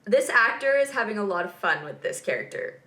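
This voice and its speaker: Young female vlog host: bright tone, chatty and giggly, casual. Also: mid-range voice, big pitch swings, brisk. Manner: chatty and giggly, lots of fillers and asides. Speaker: vlog host reacting to a TV episode. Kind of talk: casual reaction chat.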